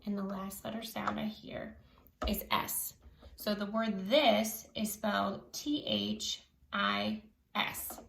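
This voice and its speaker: A woman teacher giving a slow phonics lesson to children, stretching out each sound clearly. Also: medium pitch, flat delivery. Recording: echoey room.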